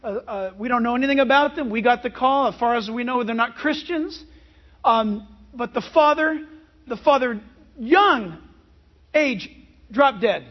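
A man preaching a sermon as a pastor, animated and emphatic, with many rhetorical questions. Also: very high voice, muffled recording.

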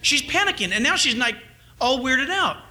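A middle-aged man preaching a sermon, swinging between loud urging and hushed asides. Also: very high voice, sing-song, normal speed. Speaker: pastor.

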